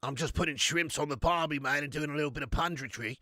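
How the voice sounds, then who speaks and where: A man's voice: fairly high pitch, fast talker, bright, forceful tone, no room sound. Man doing a jokey Australian manager impression: broad put-on accent, drawling, slangy, blokey, in a dry room. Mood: joking. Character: blokey Australian football manager, laid-back middle-aged man.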